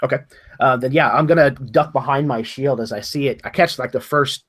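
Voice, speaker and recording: A man in a tabletop game describes what his cleric does. He talks haltingly, stopping and restarting often, and his voice sits at a middle pitch. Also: a bit bright. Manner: hesitant, many ums and restarts. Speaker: player.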